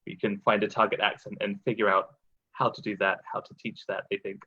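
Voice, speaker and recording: A man's voice: on the low side, little pitch movement, brisk, bright, forceful tone, husky, no echo. A man with an English accent, a dialect coach talking reflectively in a live online Q&A. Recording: dull, dry lo-fi call audio.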